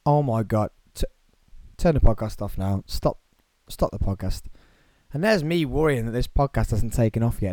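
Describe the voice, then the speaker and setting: A man hosting a podcast alone in his studio, talking excitedly and rambling. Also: mid-range voice, dry recording. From United Kingdom. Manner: excitable, rambling, self-mocking. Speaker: podcast host. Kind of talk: solo podcast monologue.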